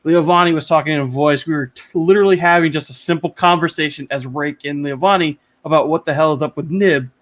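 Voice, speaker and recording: A man with a slightly high voice talks over a video call from home. He rambles excitedly and swears freely as he chats as a guest. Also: fast, hardly any pauses. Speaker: interview guest. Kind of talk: casual chat.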